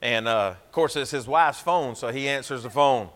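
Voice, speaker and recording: A pastor with a Georgia Southern accent preaches a sermon in church, telling a story in a folksy, emphatic way. His voice is medium-pitched and a bit bright, at a normal speed.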